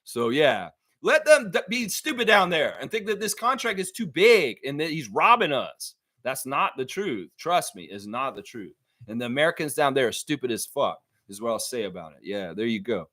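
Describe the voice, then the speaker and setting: A man's voice: mid-range voice, very animated, moderate pace, pushed and bright, dry recording. A man from Canada hosting a live sports chat stream, reading chat aloud and ranting bluntly with lots of fillers. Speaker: livestream host.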